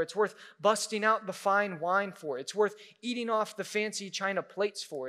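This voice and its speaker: A young man preaching a casual, animated sermon, full of filler words and acted-out reactions. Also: high voice. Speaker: pastor.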